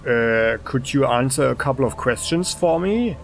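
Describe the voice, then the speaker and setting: A man voicing a nervous male clerk in a game who blurts out shouted words and then apologizes meekly. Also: medium pitch, expressive, normal speed, slight background noise, close to an everyday voice. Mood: sheepish.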